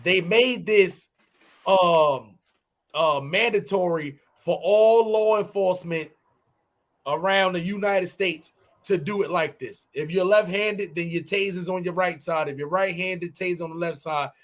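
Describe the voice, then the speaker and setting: A podcast co-host talking in a high voice, loose and profane. He tells stories in casual chat and sometimes bursts into loud, shouted impressions. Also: unhurried.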